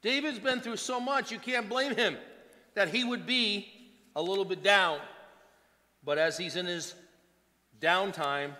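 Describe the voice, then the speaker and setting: A pastor delivering a sermon, his delivery swinging between hushed and loud. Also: high voice, measured pace, pauses often, big-room sound. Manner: preaching with wide swings between soft and loud.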